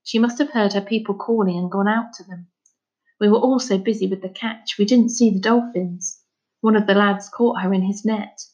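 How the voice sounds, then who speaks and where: A woman reading aloud voices a grieving middle-aged fisherman father, speaking in a heavy, halting way. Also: mid-range voice, fairly even intonation, a little mellow, highs cut off, natural voice. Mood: sorrowful.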